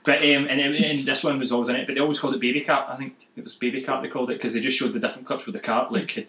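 A man's voice: mid-range voice, steady tone, very fast, a bit bright, roomy sound, slight background noise, rough recording. A man, a podcast co-host, rambling through stumbling retellings in casual chat and laughing a lot.

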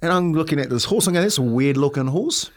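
A lively Australian man spins a sporting mishap into a yarn, his voice sitting a little high. He laughs his way through the telling in casual podcast chat. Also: fast talker. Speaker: podcast co-host, former footballer.

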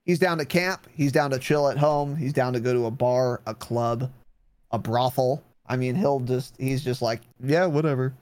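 A man's voice: mid-range voice, fairly even intonation, moderate pace, a little mellow, no room sound. A man in his twenties co-hosting a podcast in casual chat, blunt, profane and teasing. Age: 20s. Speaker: podcast co-host.

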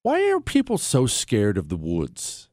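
A man's voice: mid-range voice, wildly swooping pitch, a little slow, a little mellow, dry recording, studio quality. A man from the Pittsburgh area with a Pittsburgh accent, hosting a radio talk show in a sarcastic, joking way. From Ohio, near Pittsburgh.

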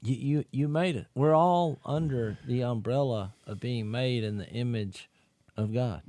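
A man's voice: mid-range voice, measured pace, no echo. A man co-hosting a faith podcast, telling stories with energy and acting out quotes. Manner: animated storyteller, acts out quotes loudly. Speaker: podcast co-host. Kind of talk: casual podcast chat about scripture.

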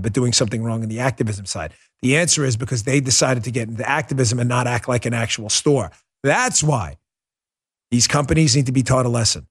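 A middle-aged man hosting a political commentary show, talking in an animated, mocking way with quick asides. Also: mid-range voice, slightly rough. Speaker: host.

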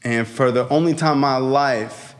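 A man speaking at a recovery convention, telling a raw, profane, animated story to the crowd. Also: medium pitch, moderate pace. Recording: echoey hall.

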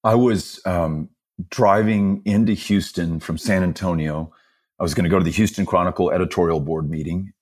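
A middle-aged man speaking as a guest in a podcast conversation, an earnest storyteller who laughs easily. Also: low-pitched. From Texas. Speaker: guest, political candidate.

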